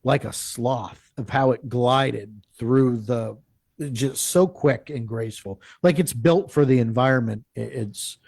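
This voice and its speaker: A man's voice: medium pitch, measured pace, vocal fry, no room sound. Man animatedly telling a campfire story. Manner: animated, acts out quoted speech; rambling with frequent restarts. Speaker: guest telling a field story. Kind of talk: live interview storytelling.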